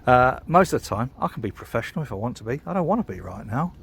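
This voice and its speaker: Talking fast and very animatedly, a British-accented man vlogs beside a canal in a heated, sweary, rambling rant, slightly tipsy from a beer. His voice is medium-pitched, and there's a little hiss or hum.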